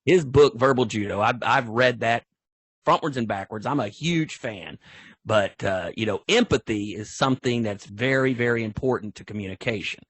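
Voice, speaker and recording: In a dry recording, this middle-aged man speaks at a moderate pace in a mid-range, slightly rough voice. A longtime football referee, he tells lively stories on a casual podcast interview and plays out the back-and-forth on the sidelines.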